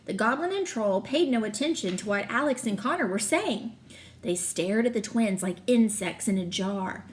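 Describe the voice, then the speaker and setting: A woman, a teacher, reading a children's novel aloud with steady, expressive storytelling. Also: mid-range voice, normal speed.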